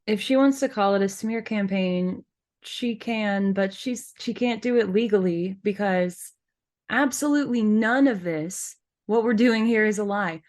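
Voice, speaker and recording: A woman's voice: mid-range voice, unhurried, a little mellow. Firm, supportive woman podcast co-host. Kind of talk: casual podcast talk.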